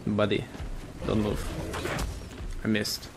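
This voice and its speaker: Gravelly, excitable male gamer. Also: on the low side, slow pace, noisy background. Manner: excitable, chats to the creatures he tames. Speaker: gaming channel host. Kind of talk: casual let's-play commentary.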